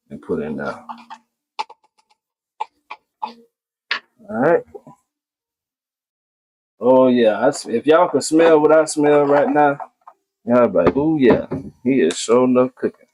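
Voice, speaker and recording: A man talks his viewers through a home cooking video in an easy, casual way. His voice is mellow and warm, and he often says a phrase twice. He addresses the audience as y'all. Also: mid-range voice, big pitch swings, moderate pace.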